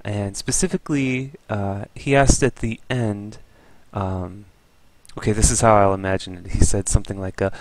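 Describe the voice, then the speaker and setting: A man's voice: on the low side, fairly even intonation, normal speed, a little mellow, no echo. A man giving an easygoing, explanatory review of a Go game as a teacher.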